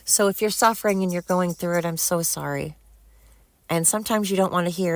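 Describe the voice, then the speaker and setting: Low, emotional middle-aged woman podcaster. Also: a little fast, no room sound. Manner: emotional, heartfelt, swears freely. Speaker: podcast host. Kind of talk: rambling solo podcast monologue.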